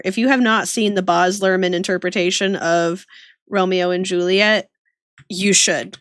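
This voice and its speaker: Slow, giggly woman streamer. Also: on the low side, fairly even intonation, dry recording, clean studio sound. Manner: giggly, bubbly, greets chat warmly. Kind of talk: casual chat with viewers while drawing.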